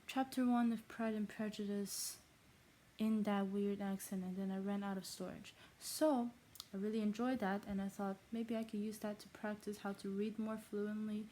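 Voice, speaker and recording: A woman's voice: medium pitch, fairly even intonation, normal speed, warm tone, slight background noise, rough recording. A woman vlogger chatting casually to camera, rambling and apologetic.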